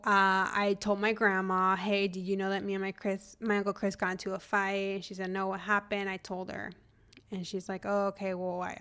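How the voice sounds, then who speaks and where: A young adult woman hosting a podcast, telling a family story in a casual monologue and acting out what her relatives said. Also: medium pitch. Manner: animated, acts out family members' lines. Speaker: podcast host.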